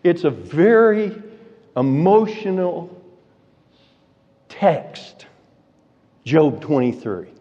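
Slow, lively-voiced preacher in a hall. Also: male voice, high-pitched. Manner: slow and deliberate, rising to fervent emphasis. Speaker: pastor. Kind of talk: expository sermon. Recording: reverberant hall, dull lo-fi sound.

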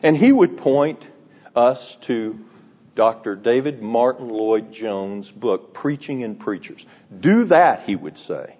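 Older male pastor preaching in a church, slow deliberate delivery, mellow tone, dull recording with long hall reverb. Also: mid-range voice, sing-song, slightly rough. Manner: emphatic, swings from loud stresses to quiet asides. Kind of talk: expository sermon.

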